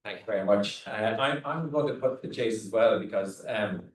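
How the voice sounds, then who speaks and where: A man with a very deep voice speaks on a panel, hesitating often. He sounds distant from the microphone. The room adds a roomy echo. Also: normal speed. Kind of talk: panel discussion.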